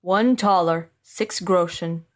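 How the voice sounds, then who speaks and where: A woman doing a gruff, scolding old woodcutter. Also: fairly low pitch, takes it slowly, voice pushed down. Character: grumbling poor old woodcutter father. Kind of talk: storybook reading.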